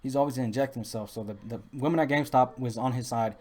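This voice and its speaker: Fast-talking young man rambling a story. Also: medium pitch, warm tone. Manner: rambling, repetitive restarts, heavy street slang. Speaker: vlogger. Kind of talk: casual storytelling monologue.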